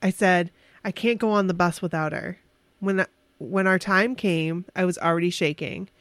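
A woman with a slightly low voice tells an excited, emotional story in a casual podcast chat. She keeps stumbling and restarting as she gets carried away. The sound is dry and close. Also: no echo.

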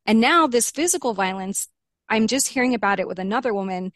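A young adult woman, an interview guest, candidly recounting a personal ordeal, her pitch rising when she quotes heated arguments. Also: animated, brisk, a bit bright, dry recording, clean studio sound.

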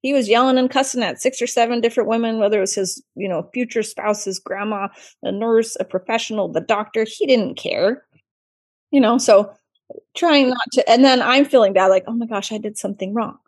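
A woman surgeon telling stories in a chatty, expressive way during an interview. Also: on the high side, fairly quick. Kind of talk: casual interview storytelling.

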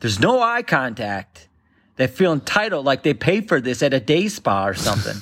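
A man's voice: mid-range voice, big pitch swings, normal speed, a bit bright. A man in his thirties performing a rambling stand-up routine, acting out other voices as he goes. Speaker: stand-up comedian.

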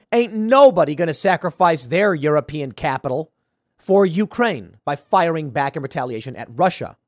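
A man's voice: on the high side, no room sound, clean studio sound. A man hosting a political commentary show, talking in an incredulous, ranting way and mocking people by imitating them.

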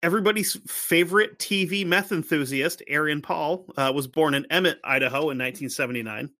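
A man's voice: on the high side, fairly quick, sharp tone. Crude joking man on a podcast. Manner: crude, joking, swears a lot. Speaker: podcast co-host. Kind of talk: casual podcast banter.

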